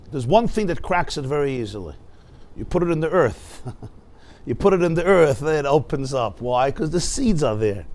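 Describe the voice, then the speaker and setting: A man's voice: mid-range voice, a little mellow. A rabbi teaching a Torah class, asking rhetorical questions and mixing Hebrew and Yiddish terms into his English.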